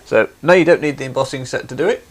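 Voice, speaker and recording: A man's voice: mid-range voice, fast talker. A man hosting a craft livestream, chatty and explaining things step by step. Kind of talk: casual demonstration.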